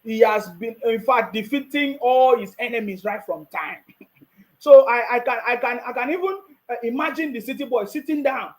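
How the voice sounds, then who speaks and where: Brief: Nigerian male commentator, high voice, mocking tone, laughs a lot, repeats himself. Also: moderate pace, low-quality recording. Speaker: political commentator. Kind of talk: casual commentary.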